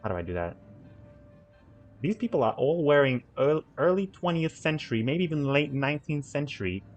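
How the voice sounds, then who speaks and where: A man's voice: on the high side, lively intonation, normal speed, soft background music. Rambling man narrating a city-builder game. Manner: rambling, self-correcting, playful asides. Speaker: gaming channel host. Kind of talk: casual let's-play commentary.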